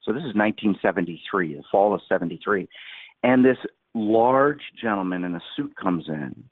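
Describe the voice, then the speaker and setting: A man's voice: on the low side, expressive, normal speed, no room sound. Man in his sixties on a tinny line. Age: 60s. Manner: rambling, vivid storyteller who acts out quotes. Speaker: guest. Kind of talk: anecdotal storytelling in a podcast interview.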